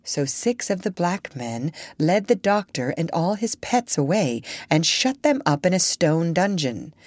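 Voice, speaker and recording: A woman reading a children's story aloud in an expressive way. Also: on the low side, dry recording, clean studio sound.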